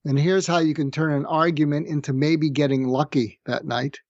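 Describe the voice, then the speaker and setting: Calm explanatory man, slightly higher voice. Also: no room sound, lo-fi sound. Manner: calm, explanatory, acts out sample phrases slowly. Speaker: psychiatrist guest. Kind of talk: conversational podcast interview. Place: room with street noise outside.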